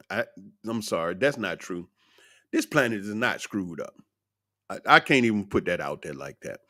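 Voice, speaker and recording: Animated older man telling stories. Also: medium pitch, dry recording, clean studio sound. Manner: animated, rambling storyteller who laughs often. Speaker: vlogger. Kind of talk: casual monologue to camera.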